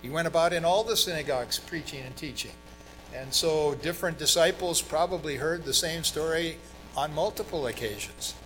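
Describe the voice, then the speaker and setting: A man's voice: a little high, normal speed, fairly bright tone, faint music behind, poor audio. A middle-aged man who grew up in Brazil, preaching a sermon in a conversational way, with fillers and emphatic stresses. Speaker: pastor.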